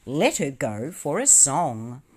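A woman voicing a rough-and-ready male sailor with hearty, blunt, slangy talk. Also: a bass voice, big pitch swings, slow, darkish tone, heavily acted.

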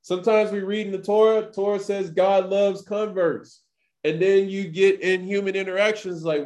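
A man's voice: high voice, level tone, moderate pace, darkish tone. Chatty man teaching scripture casually. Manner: chatty, full of "like" and acted-out quotes. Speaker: Torah teacher. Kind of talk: casual scripture study talk.

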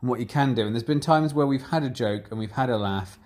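A man talking candidly in a casual chat, rambling and getting animated as he retells conversations. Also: mid-range voice, fast talker.

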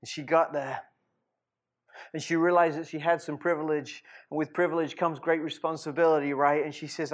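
A man preaching a sermon as a lively storyteller, with frequent laughs and rhetorical asides. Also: a little high, moderate pace. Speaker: pastor.

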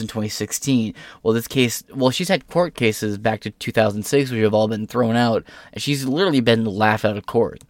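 A man's voice: on the low side, dry recording, studio quality. A young man hosting casual news commentary, reading out articles with irreverent, sarcastic and profane asides. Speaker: host.

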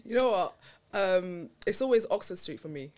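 A woman's voice: on the low side, expressive, moderate pace, a little mellow. A young woman from Manchester, telling stories in an easygoing, self-deprecating way in a casual podcast chat. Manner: easygoing storyteller, self-deprecating, laughs often. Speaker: podcast co-host.

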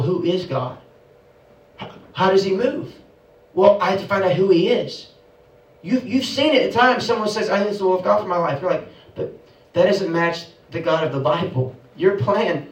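A man's voice: high voice, distant mic. Echoey preacher man, emphatic sermon. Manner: rhetorical questions, emphatic preaching cadence.

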